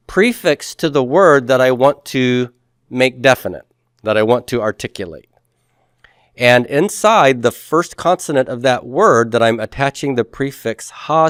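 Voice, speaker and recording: A man with a lowish voice lectures a class on grammar, patient and methodical. He breaks words into syllables and has the room repeat them after him. The sound is dry and close, with little room echo. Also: clear, resonant tone. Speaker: Hebrew teacher.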